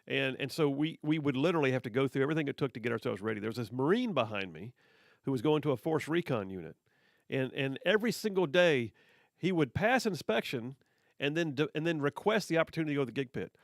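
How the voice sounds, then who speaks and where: A middle-aged man hosts a talk radio show and spins a casual story into a studio microphone. He talks in a chatty way, often repeating words as he goes. His voice sits at a middle pitch, and the sound is dry and close. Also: animated, fast, creaky, no room sound.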